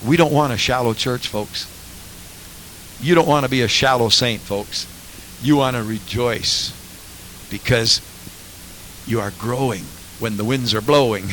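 Bright-voiced, emphatic male preacher. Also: measured pace, long pauses, slight background noise, poor audio. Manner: emphatic preaching, swinging from low to shouted exclamations. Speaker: pastor. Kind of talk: sermon.

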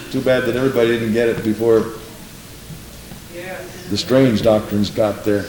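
A man preaching a sermon, animated, swinging from low asides to high exclamations. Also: distant mic. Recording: roomy echo.

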